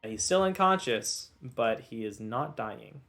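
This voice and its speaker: A man's voice: mid-range voice, animated, takes it slowly, creaky, a bit bright, faint music behind. Man running a tabletop game, patient explainer. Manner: explains rules patiently, many filler uhs. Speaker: game master. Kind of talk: narrating and refereeing a tabletop game.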